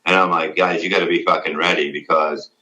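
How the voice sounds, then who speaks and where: Middle-aged New comedian, very low and forceful voice, blunt and profane, rambling interview storyteller. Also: male voice, steady tone, brisk, rough recording. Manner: blunt, profane, rambling with many "you know"s. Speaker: comedian guest.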